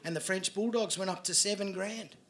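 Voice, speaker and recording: A man with an Australian accent doing a crude stand-up set, swearing and building into loud storytelling. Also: high-pitched, a little fast. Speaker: stand-up comedian. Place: comedy venue with audience laughter.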